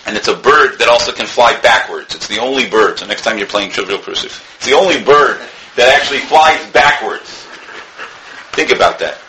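A man's voice: mid-range voice, lively intonation, normal speed, sharp tone, a little hiss or hum, poor audio. A man giving an earnest Torah talk as a rabbi, telling a story and sprinkling in Hebrew and Yiddish words.

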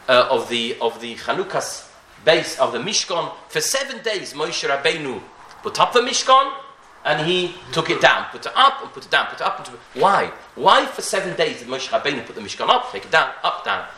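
Animated, bright-voiced rabbi in an echoey room. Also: male voice, fairly high pitch, a little hiss or hum. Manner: rhetorical questions, frequent restarts, Hebrew and Yiddish terms. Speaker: rabbi teaching a Torah class. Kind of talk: Talmudic lecture.

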